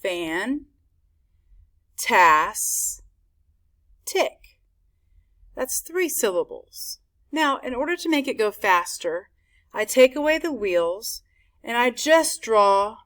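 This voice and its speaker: A woman with a slightly high, fairly bright voice teaches a class a phonics lesson. She goes slowly, clapping out and sounding each word syllable by syllable.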